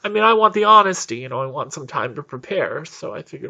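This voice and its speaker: An older man telling a profane, animated story, swearing and acting out quotes. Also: fairly high pitch, fast, creaky, hardly any pauses. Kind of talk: profane comic storytelling monologue. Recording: dull lo-fi recording.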